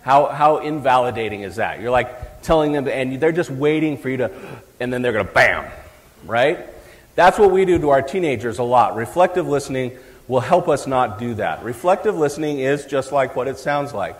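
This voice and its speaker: A man's voice: mid-range voice, expressive, moderate pace. Middle-aged man lecturing in a reverberant hall. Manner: conversational, joking with the audience. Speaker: psychologist speaking at a parenting event. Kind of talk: live talk to an audience. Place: large hall, live event.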